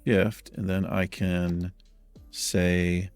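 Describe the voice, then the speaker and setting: A man's voice: sits low, flat delivery, very slow, smooth, soft background music. A man hosting a gaming channel, thinking aloud and muttering in casual let's-play commentary, mildly exasperated.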